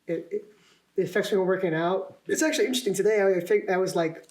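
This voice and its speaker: A man's voice: high voice, steady tone, fast. A young man, a podcast guest and actor, talking casually in a rambling, self-deprecating way, laughing often and restarting his sentences. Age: young adult. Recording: roomy echo.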